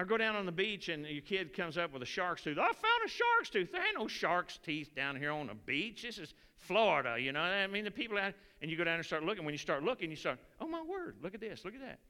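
A man preaching a sermon in a church, animated and folksy, repeating phrases. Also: sits high, clean tone. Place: church sanctuary. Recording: church hall reverb.

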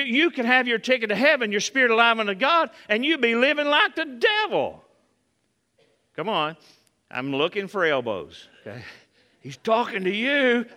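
A man with a high, bright voice preaching a sermon, calling out to his congregation in an animated way. His voice carries a long reverb from a church sanctuary. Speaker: pastor.

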